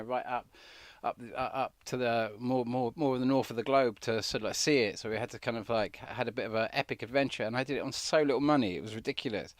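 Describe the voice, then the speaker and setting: An earnest man talks in a rambling way and often starts his sentences over. His voice sits at an ordinary middle pitch. The sound is dry and close. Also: no room sound. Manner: earnest, rambling, many restarts. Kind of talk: rambling personal talk.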